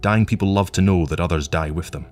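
A man voicing a calm, wry, menacing agent from the future who speaks in a measured, languid way. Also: low voice, soft background music, natural voice. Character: cold patient male agent from the future, menacing.

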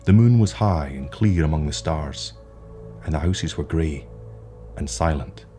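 A man with a very low, dark voice reads a short story aloud in a measured, atmospheric way. Faint music plays beneath his narration. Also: lively intonation.

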